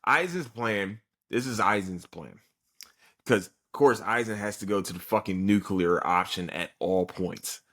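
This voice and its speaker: A man's voice: fairly low pitch, a little slow, fairly bright tone. A man hosting a podcast, giving a casual, profane, rambling recap of an anime episode with frequent restarts. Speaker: podcast host.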